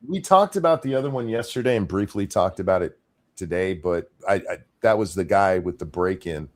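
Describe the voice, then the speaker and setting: Male host, lively pitch, opinionated, reads viewer chat aloud. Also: fairly quick. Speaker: show host reading chat. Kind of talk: casual live-stream talk.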